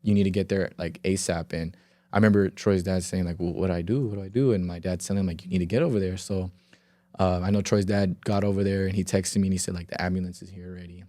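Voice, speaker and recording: A young man with a fairly low voice, speaking as a podcast guest. His tone is dark and mellow, and the recording is dry and close. He rambles through his story with filler words, acts out quoted dialogue and swears freely. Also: fairly even intonation, quick pace, dry recording. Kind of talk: casual storytelling. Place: podcast studio.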